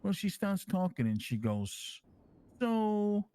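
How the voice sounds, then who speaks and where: This man's voice sits high and moves slowly, clear and resonant on a dry recording, fully in character. He plays a foul-mouthed, brash crime-family man who calls himself king in an online role-play, crude and boastful. Rambling through stories, he swears constantly and keeps things lively and animated.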